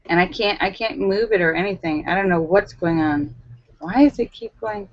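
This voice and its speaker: A young woman hosts a casual live stream from home, telling stories in an animated, chatty way with lots of fillers. Her mid-range voice moves at a moderate pace, and the webcam mic cuts off the high frequencies.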